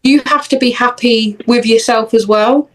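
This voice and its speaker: A woman's voice: fairly high pitch, steady tone, moderate pace, rough recording. A young woman co-hosting a podcast, chatting casually in jokey, run-on bursts. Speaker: podcast co-host. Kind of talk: casual chat.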